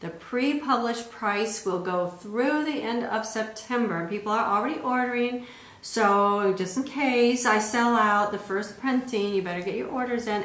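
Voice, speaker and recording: A woman's voice: mid-range voice, a bit bright, a little hiss or hum. Woman co-host in an echoey room. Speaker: co-host and author. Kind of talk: casual chat and book promotion.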